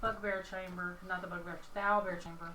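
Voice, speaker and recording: A woman's voice: fairly low pitch, level tone, brisk, bright, forceful tone, roomy sound, distant mic, slight background noise, poor audio. A woman playing a tabletop game, sometimes speaking her character in a put-on voice. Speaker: player.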